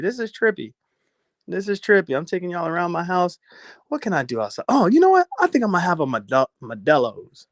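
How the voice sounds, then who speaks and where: A man's voice: high-pitched, no room sound, studio quality. A middle-aged man casually chatting on a phone live stream while walking around his house, loose and profane, laughing often.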